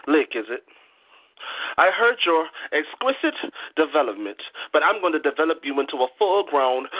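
A man performing boastful spoken-word erotic poetry in a rhyming swagger. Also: on the high side. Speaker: guest poet. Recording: tinny phone line.

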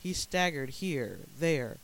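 Higher-voiced man narrating a dark story. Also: lively intonation, vocal fry, rough recording. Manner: dramatic, measured storytelling.

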